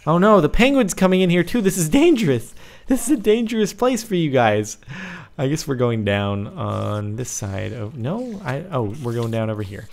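A young man in his twenties giving casual, excitable commentary while playing a survival game, with sudden yelps. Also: mid-range voice, normal speed, creaky. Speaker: gaming video host. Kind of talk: casual let's play commentary.

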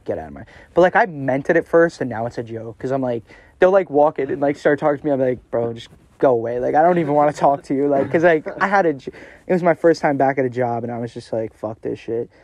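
A man's voice: mid-range voice, quick pace, darkish tone. A young man co-hosting a podcast, telling a story in casual chat with lots of swearing and quoted back-and-forth. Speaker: podcast co-host.

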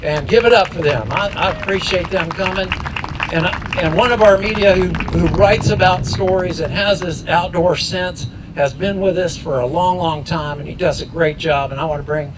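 Male emcee, rousing and folksy, slightly high voice; noisy outdoor recording. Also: moderate pace. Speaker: rally emcee. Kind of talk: outdoor rally speech. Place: outdoors at a riverside lock.

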